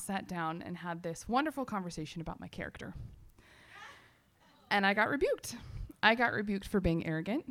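A woman from Texas, giving an animated personal testimony to a church audience, full of fillers and quoted self-talk. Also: lowish voice, vocal fry.

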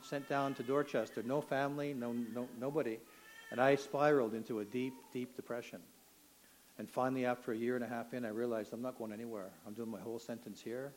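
A man's voice: mid-range voice, slight background noise, poor audio. Earnest older man telling his testimony. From Canada. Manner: earnest, emotional storytelling, rising to near shouts at dramatic moments. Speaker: testimony speaker. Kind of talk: personal testimony.

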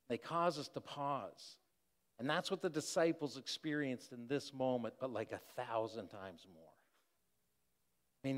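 An older man preaching a sermon, telling stories in a relaxed, conversational way with personal asides. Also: medium pitch. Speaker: pastor. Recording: long hall reverb.

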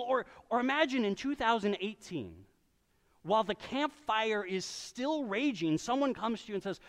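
Animated high-voiced man preaching in a hall. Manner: storytelling, with quick voiced asides for people in the story. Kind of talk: sermon. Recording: reverberant hall.

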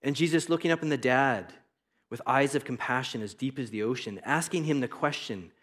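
A man's voice: medium pitch, a little fast, fairly bright tone. A man giving a devotional Bible teaching in an earnest, reflective and conversational way. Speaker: preacher.

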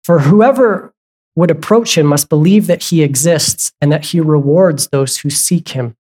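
A pastor delivering a sermon in plain, everyday speech. The voice sits at a middling pitch, and the preacher keeps turning to the congregation with direct questions, sometimes stopping to correct a slip or add an aside. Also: unhurried, dark tone. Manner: asks the congregation repeated questions; conversational, with asides and self-corrections.

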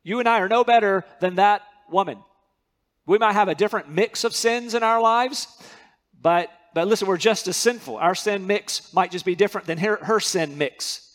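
A man's voice: high voice, normal speed, a bit bright. A man preaching a sermon as pastor, earnest and emphatic, repeating key words to drive them home.

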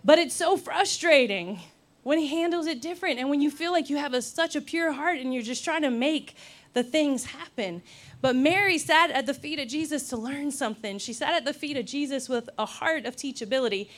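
Young woman preaching, high pitched, chatty and animated, laughs a lot. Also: brisk. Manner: animated, laughs often, acts out quotes. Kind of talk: sermon.

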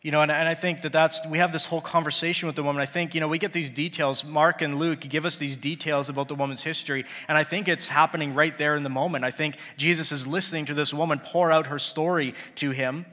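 A man's voice: on the high side, steady tone, quick pace, few pauses, bright, forceful tone. A man preaching a sermon in an earnest, conversational way, sometimes acting out the people in the story. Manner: earnest, conversational, acts out biblical characters. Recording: long hall reverb.

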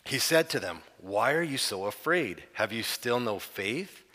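A man preaching a sermon, telling a Bible story in a lively way and acting out the characters' panic. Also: medium pitch, measured pace, in a large hall. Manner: animated storytelling, acts out the disciples' panic.

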